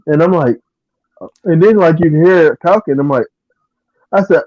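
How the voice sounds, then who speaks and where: A man's voice: a little high, normal speed, pauses often, no echo. A man co-hosting a podcast, chatting casually in a rambling way and laughing often. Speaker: podcast co-host. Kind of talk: casual chat. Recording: dull, lo-fi dry sound.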